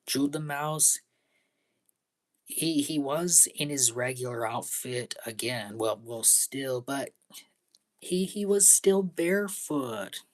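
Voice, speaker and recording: A young man talking in a casual vlog monologue, halting and repeating his words, earnest and pleading, often dropping into breathy half-whispers. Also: mid-range voice, expressive. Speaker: vlogger.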